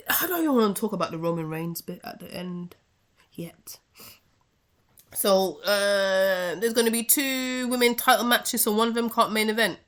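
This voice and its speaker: A British wrestling commentary vlogger rants heatedly and scoldingly on her own review channel in a casual style, using a mid-range voice with a sharp tone.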